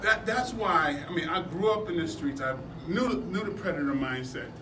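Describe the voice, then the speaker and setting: A man telling animated stories to a seminar class, laughing often as he talks. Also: on the high side, normal speed. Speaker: martial arts seminar instructor. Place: indoor seminar room at a convention. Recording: echoey room, distant from mic, background noise.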